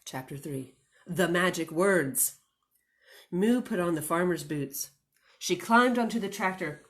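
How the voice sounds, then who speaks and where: A woman's voice: on the low side, lively intonation, unhurried, heavy background noise. A woman librarian reading a picture book aloud at storytime, with chatty, giggly asides to the children.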